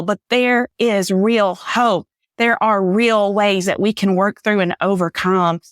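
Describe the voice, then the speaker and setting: A woman's voice: on the low side, clean tone, no echo, studio quality. A woman, a podcast guest giving an earnest, faith-filled personal testimony, a little teary. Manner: earnest, faith-filled storytelling, says "y'all".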